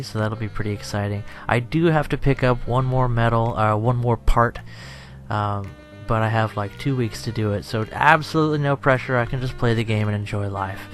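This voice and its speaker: A man's voice: medium pitch, fairly bright tone. A tired young man chatting over gameplay as a channel host, rambling and self-deprecating, laughing often.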